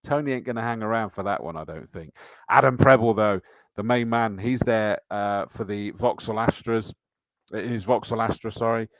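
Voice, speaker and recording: Chatty man, lowish dry voice. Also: normal speed, no echo. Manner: chatty, matey, reads out comments and entry lists. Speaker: host. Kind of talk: live-stream chat reading viewer comments.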